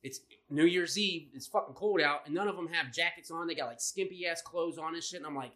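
A man's voice: on the high side, fairly quick. A man co-hosting a casual podcast, telling a story with lots of swearing and acting out the other people in it. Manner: profane, animated, acts out the other people in his stories. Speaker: podcast co-host.

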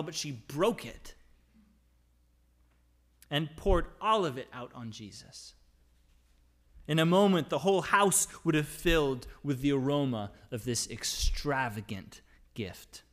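A male pastor delivering a church sermon, reading scripture and explaining it, swinging between emphatic lines and quiet, soft endings. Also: on the high side. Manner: expository preaching, reading scripture aloud and explaining it; dynamic delivery, rising for emphasis and dropping to soft, quiet phrases.

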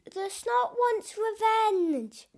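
A woman voicing Hamish, a young boy in a storybook, who speaks in excited exclamations. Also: very high-pitched, very slow, vocal fry, pitched above the performer's own voice, full character voice. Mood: relieved. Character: young boy with a messy mop of hair, easygoing.

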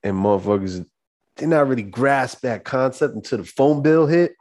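A man's voice: medium pitch, lively intonation, moderate pace, a little mellow. A man co-hosting a podcast in a laid-back casual chat, mostly reacting with short remarks and questions. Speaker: podcast co-host.

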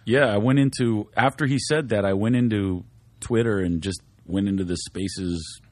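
A man with a very low voice speaks in a relaxed, rambling way, peppering his talk with swearing. The sound is dry and close, with no room around it. He tells stories casually, as a podcast guest. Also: moderate pace, no room sound. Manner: laid-back, profane, rambling storytelling. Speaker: guest rapper. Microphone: studio microphone.

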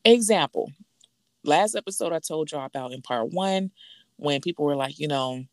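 Animated woman with a low voice. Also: moderate pace, no room sound, clean studio sound. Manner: animated, acts out quotes with big pitch jumps. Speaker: podcast co-host. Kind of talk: casual chat about a reality show.

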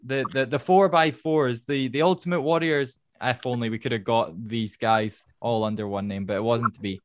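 A man's voice: mid-range voice, steady tone, normal speed, no room sound. Dry-voiced man hosting a recap podcast. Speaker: podcast host. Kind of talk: casual podcast recap chat.

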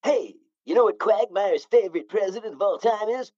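A man's voice: high-pitched, animated, a little fast, darkish tone, no echo, dull audio. Jokey male podcast co-host. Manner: jokey, playful. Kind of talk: casual chat.

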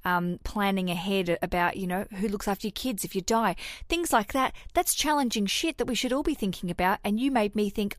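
A woman's voice: mid-range voice, normal speed, few pauses, no room sound, clean studio sound. A woman hosting a podcast, chatting and laughing with her guest in a playful, self-mocking way. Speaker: podcast host. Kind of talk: casual chat.

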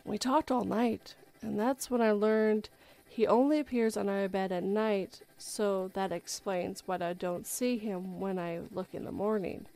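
A woman hosting a livestream, reading a horror story aloud in a relaxed way and often correcting herself. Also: mid-range voice, a little slow, gravelly. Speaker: story reader and livestream host.

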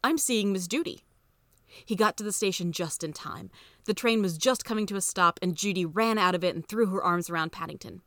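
A woman hosting and reading a children's storybook aloud in steady scripted narration. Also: fairly low pitch, a little fast, no room sound. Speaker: podcast reader.

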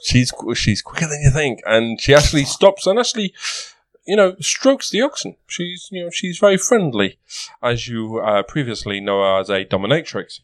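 A man's voice: mid-range voice, very animated, moderate pace, dry recording. A man narrating as game master, hesitant and repeating words, with frequent laughs.

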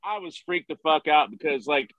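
A man in casual chat, excitable and swearing often. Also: on the high side, moderate pace, no echo, dull audio.

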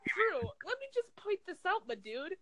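A woman's voice: very high-pitched, very animated, moderate pace, fairly bright tone, low-quality recording. A young woman in casual chat among friends, giving blunt, joking, slangy advice.

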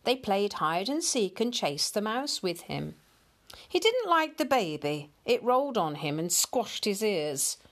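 A woman reading a picture storybook aloud in a slow, expressive storyteller manner. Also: medium pitch.

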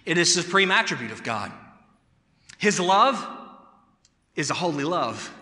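A man preaching a sermon, emphatic, repeating words for stress and rising to loud calls. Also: fairly high pitch, very animated, measured pace. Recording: echoey hall sound.

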